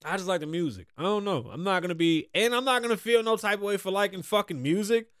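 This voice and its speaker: Swearing liberally and laughing at his own stories, a male podcast host reads and reacts in a rambling, casual chat. He speaks fast in a high, clean, somewhat bright voice. The sound is studio quality, with no room tone at all.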